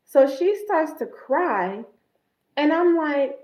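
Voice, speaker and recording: A woman, an esthetician, chatting on a casual livestream and telling stories in a blunt, animated way. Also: sits high, slow, roomy sound, rough recording.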